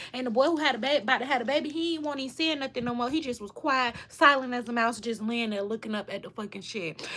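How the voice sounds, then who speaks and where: High-voiced woman telling a profane story. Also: fairly bright tone. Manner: profane, rambling retelling full of fillers. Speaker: vlogger. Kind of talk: casual storytelling.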